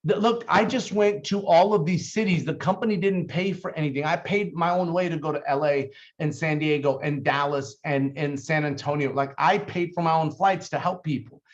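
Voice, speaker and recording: A man's voice: a little high, moderate pace, hardly any pauses, muffled recording. A man giving a fired-up, emphatic motivational sales talk to his team. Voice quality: fired up, emphatic, intense delivery. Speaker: team leader.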